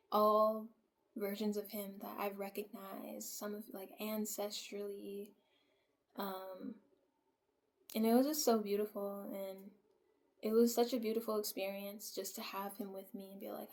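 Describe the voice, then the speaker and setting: A woman vlogger telling a personal story in a casual, soft way, full of "like" fillers and often dropping to a near-whisper. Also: mid-range voice.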